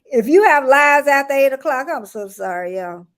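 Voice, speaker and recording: A woman in her sixties from the Southern United States hosts a live stream, chatting casually and laughing often. Her voice sits high and is expressive, moving at normal speed with a drawling Southern accent.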